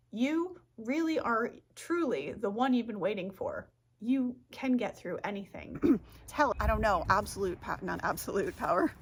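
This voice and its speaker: A woman's voice: medium pitch, a little hiss or hum. A woman talking to camera in a casual rambling monologue as a self-help vlogger, tripping over her words, losing her train of thought and giggling.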